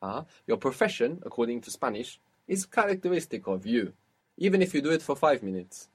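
A man's voice: mid-range voice, sing-song, brisk, husky. A man teaching a spoken language lesson, patiently explaining grammar step by step and quizzing his student.

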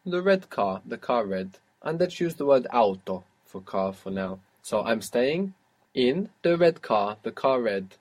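A man's voice: medium pitch, very animated, measured pace, darkish tone. A man teaching a language lesson, patiently prompting a student and praising each answer. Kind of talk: guided audio language lesson.

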